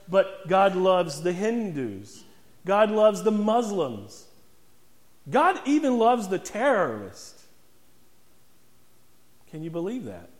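Male pastor, emphatic sermon, slow deliberate pace, reverberant church. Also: high-pitched. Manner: emphatic preaching with dramatic pauses and rhetorical questions.

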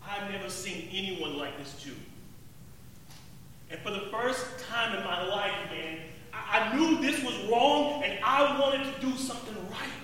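Man acting out a street-tough zealot telling it hard, high bright voice, big echoey hall. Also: animated, a little slow, slight background noise, full character voice. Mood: moved. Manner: street-tough, emphatic, repeats words. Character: rough, remorseful male zealot recalling the crucifixion. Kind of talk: dramatic first-person monologue. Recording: echoey hall, distant mic, faint ambience.

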